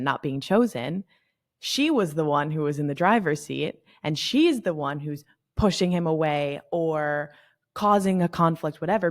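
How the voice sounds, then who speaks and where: A woman co-hosting a podcast, explaining emotional patterns in a calm, reflective, therapeutic way. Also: low voice. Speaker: podcast co-host.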